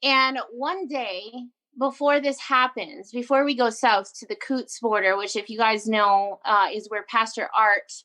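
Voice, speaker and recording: A woman telling a personal story in a casual interview, animated and emphatic, acting out her own quoted lines. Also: on the high side, measured pace. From Canada. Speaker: guest entrepreneur.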